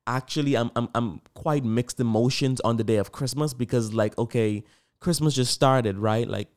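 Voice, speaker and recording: Smooth-voiced young man hosting a podcast. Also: mid-range voice, moderate pace, a little mellow. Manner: upbeat, chatty and rambling. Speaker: podcast host. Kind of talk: casual solo podcast chat.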